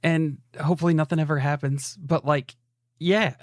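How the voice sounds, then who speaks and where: A man's voice: fairly high pitch, steady tone, moderate pace, no room sound, studio quality. An American man co-hosting a podcast, talking in a rambling, hedging, self-deprecating way. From United States. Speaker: podcast co-host. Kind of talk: casual chat.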